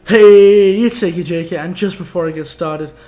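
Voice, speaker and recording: A young man with a hoarse voice hosting a casual tech tips vlog, breezy and slangy in quick-fire delivery. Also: sits high, warm tone, faint music behind. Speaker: tech video host.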